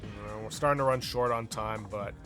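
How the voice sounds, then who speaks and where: A man giving offhand, deadpan commentary while playing a video game. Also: lowish voice, moderate pace, faint music behind. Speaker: let's player. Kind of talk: casual gameplay commentary.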